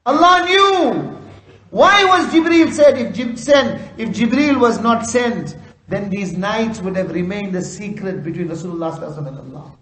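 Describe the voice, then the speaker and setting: High-voiced impassioned man preaching in an echoey hall. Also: expressive, normal speed, a little hiss or hum. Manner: impassioned, rising to shouts. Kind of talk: sermon.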